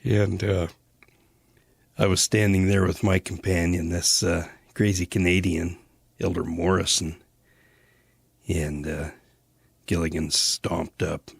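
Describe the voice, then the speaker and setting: Man, 60s, from the Western US; deep, raspy and breathy; casual, meandering anecdotes. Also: flat delivery, no echo, clean studio sound. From Western United States. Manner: unhurried, rambling, many "uh" pauses. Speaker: storyteller recalling mission days. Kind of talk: casual spoken reminiscence.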